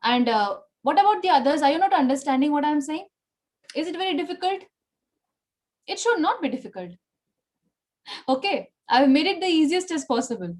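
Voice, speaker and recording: A woman teacher with a high-pitched voice leads an online Spanish class. She explains patiently, tagging almost every line with "okay?" or "right?" to check that students follow. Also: sing-song, normal speed, pauses often, a little mellow. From India.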